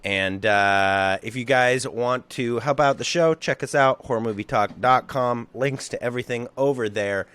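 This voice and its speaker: A man's voice: mid-range voice, moderate pace, hardly any pauses, fairly bright tone, smooth, dry recording. A man hosting a horror film podcast, jokey and rambling, chatting casually and putting on silly voices now and then. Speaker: podcast host.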